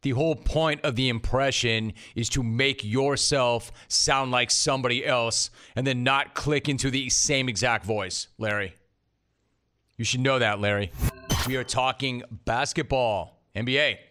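A man's voice: mid-range voice, measured pace, bright, forceful tone. A man hosting sports talk radio, wisecracking and bantering about callers and guests.

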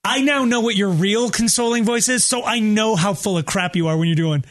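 High-voiced animated male radio host. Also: brisk, slight background noise. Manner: animated, laughing, does voices in his stories. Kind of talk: casual radio banter, storytelling.

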